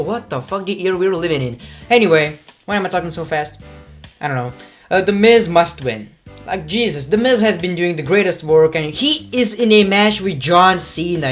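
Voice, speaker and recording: A man's voice: a little high, a bit bright. A man giving casual, rambling wrestling predictions, swearing freely and cutting himself off mid-sentence. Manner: profane, rambling, self-interrupting.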